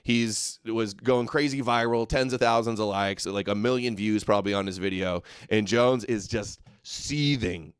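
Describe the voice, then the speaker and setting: A man's voice: lowish voice, moderate pace, hardly any pauses, smooth, no echo, studio quality. Sarcastic man hosting a live reaction. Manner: sarcastic, mocking, bursts into shouting. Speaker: host. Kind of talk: casual live reaction commentary.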